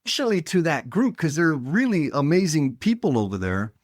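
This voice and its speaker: A man's voice: on the high side, big pitch swings, fairly quick, no room sound, clean studio sound. Blunt, emphatic man hosting. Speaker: podcast host. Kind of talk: casual interview chat.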